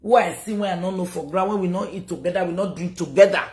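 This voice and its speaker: A woman's voice: lowish voice, fast, reverberant, noisy background. A Nigerian woman giving an emotional live video message, scolding and repeating her warnings. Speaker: social media personality.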